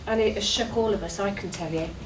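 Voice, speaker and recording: A woman's voice: medium pitch, quick pace, natural voice. Woman reading a shaken journalist, earnest and sombre, distant echoey recording. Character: shaken newspaper journalist after an air crash. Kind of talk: stage monologue reading. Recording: roomy, distant mic, faint noise.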